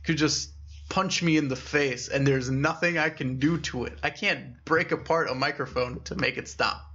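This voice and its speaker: A young man co-hosting a podcast, casually retelling a scary story and voicing its characters with lively shifts in pitch. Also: moderate pace, husky, dull audio. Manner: animated storyteller, acts out characters with raised pitch. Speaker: podcast co-host.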